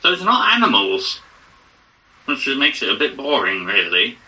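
A man's voice: medium pitch, sing-song, normal speed, sharp tone, recorded from a distance, slight background noise, rough recording. A man playing a tabletop horror game, playful and often in character. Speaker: player.

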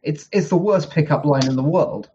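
A man's voice: on the high side, normal speed, warm tone. A man playing a character in an online tabletop game, wry and hesitant, with many fillers. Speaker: player. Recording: dull mic with faint hiss and clicks.

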